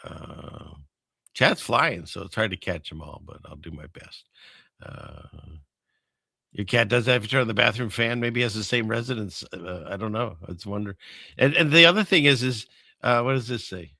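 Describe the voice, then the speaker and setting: A man's voice: fairly low pitch, lively intonation, normal speed, gravelly, bright, forceful tone, dry recording, studio quality. A man hosting a casual livestream, rambling through viewer comments and chuckling often between remarks. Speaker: livestream host.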